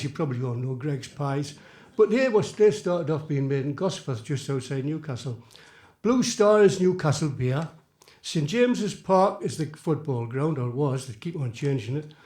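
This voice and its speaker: A man in his eighties with a Geordie accent softened by years in London, chatting and telling self-mocking jokes between songs as a folk singer on a small theatre stage. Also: fairly high pitch. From Tyneside, England. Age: 80s. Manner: chatty, rambling, self-mocking joke teller. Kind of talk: live folk club patter between songs. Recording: roomy live theatre sound.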